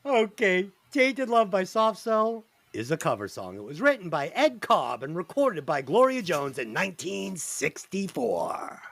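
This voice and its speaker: A man hosting a podcast and running a quiz, talking in a profane, animated way. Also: high voice, normal speed, few pauses, no room sound. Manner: animated, profane, quizzing the others. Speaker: podcast host. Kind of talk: casual chat.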